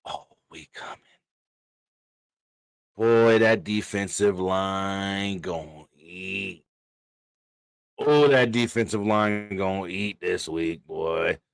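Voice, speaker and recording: Man, sports podcast host, animated, laughs a lot, low voice, dry close sound. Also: takes it slowly, creaky, clear, resonant tone, no echo. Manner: animated, laughing, trash-talking. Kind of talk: casual sports chat.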